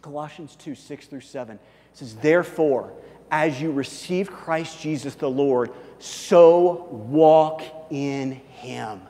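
A man preaching a sermon as pastor, acting out little scenes and swinging from loud, lively bursts to quiet, hushed asides. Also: a little high, slow, long reverb tail. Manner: animated, acts out scenes with big swings in loudness.

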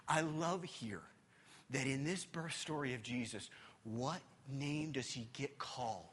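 A man preaching a sermon as pastor in a church hall. He is emphatic and swings between loud and hushed, repeating words as he gathers his thoughts. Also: mid-range voice, expressive, a little slow, husky.

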